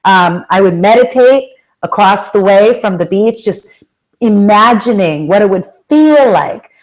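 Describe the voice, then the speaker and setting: Animated woman motivational speaker. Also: medium pitch, poor audio. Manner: animated storytelling, acts out quoted voices; addresses the audience directly with questions. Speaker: motivational speaker and life coach. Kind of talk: motivational talk.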